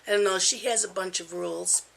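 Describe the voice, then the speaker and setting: Gravelly, bright-voiced woman chatting. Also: on the low side, steady tone, fairly quick. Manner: chatty, rambling with ums. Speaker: crafting vlogger. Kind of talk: casual vlog chat. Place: at home.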